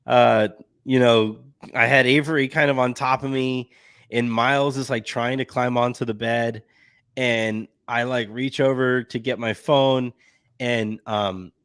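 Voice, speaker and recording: A man's voice: mid-range voice, a bit bright, dry recording, clean studio sound. A man hosting a casual sports podcast, talking in a rambling way with many restarts. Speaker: podcast host. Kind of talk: casual chat.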